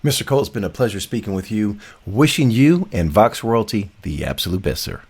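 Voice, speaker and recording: A man's voice: lowish voice, very animated, brisk, darkish tone, husky. A man hosting a business interview, formal and polite, addressing his guest as sir. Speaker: interview host.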